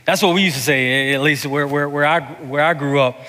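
Man, pastor preaching a sermon, higher voice, pushy bright tone, echoing church hall. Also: steady tone, fairly quick. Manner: repeats and restarts words, swings from hushed to loud. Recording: echoey hall reverb.

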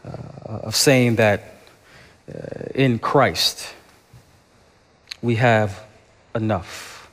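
A man preaching a sermon as a pastor, with emphatic, rhythmic repetition, in a church sanctuary. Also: mid-range voice. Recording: long church reverb.

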